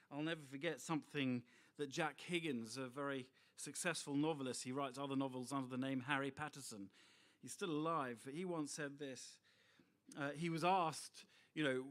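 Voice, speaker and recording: A middle-aged man preaching a sermon, expressive and full of rhetorical asides to his listeners. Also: mid-range voice.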